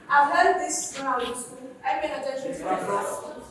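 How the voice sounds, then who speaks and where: Woman pastor, emphatic call-and-response sermon; high voice, distant mic, very echoey church. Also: expressive, moderate pace, crowd noise. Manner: rising to emphatic preaching with repeated questions to the congregation. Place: church hall. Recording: echoey church hall from far off.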